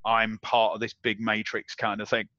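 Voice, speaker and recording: A man being interviewed, telling a personal story in a casual, animated way and acting out the voices of others. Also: fairly low pitch, normal speed, no room sound. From England. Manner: animated, acts out quoted voices, swears and laughs. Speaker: interview guest. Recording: dull, dry audio.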